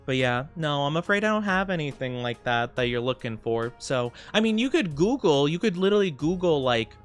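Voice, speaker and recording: A chatty male streamer with a smooth, clear voice that sits a little high and swings widely in pitch. He rambles with plenty of "like"s and quick laughs and gasps excitedly when greeting viewers. Faint game music plays underneath. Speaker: VTuber streamer reading chat. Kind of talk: casual livestream chat while gaming.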